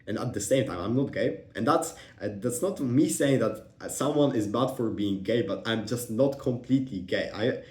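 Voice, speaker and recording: A man's voice: mid-range voice, animated, normal speed. A young man telling a personal story in a rambling, casual way, swearing often and restarting his sentences. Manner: rambling, profane, with many fillers and restarts. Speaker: vlogger. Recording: roomy echo.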